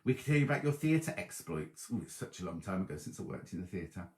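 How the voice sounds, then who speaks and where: A man's voice: low voice, sing-song, a little fast. A middle-aged man hosting a casual live stream, reading out viewers' messages and greeting them by name. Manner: chatty, reads viewer messages aloud, warm greetings. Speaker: host of a live sewing chat stream. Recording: roomy echoey live stream.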